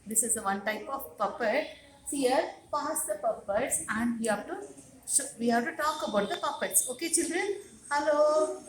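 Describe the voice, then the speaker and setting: Teaching small children in class, a preschool teacher coaxes them in a sing-song voice and says her questions more than once. Her voice is a little high and expressive at normal speed, heard in an echoey classroom with faint noise.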